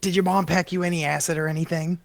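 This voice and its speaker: A player in an online tabletop game who swears freely and shouts when panicked. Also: mid-range voice, fairly even intonation, fast, gravelly, dry recording. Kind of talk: casual play over voice chat.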